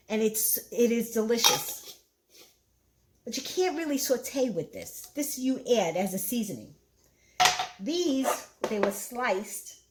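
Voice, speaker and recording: A woman's voice: a little high, noisy background. A woman with a Brooklyn accent giving a casual, chatty cooking how-to, rambling a little and repeating herself with fillers. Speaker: cooking vlogger.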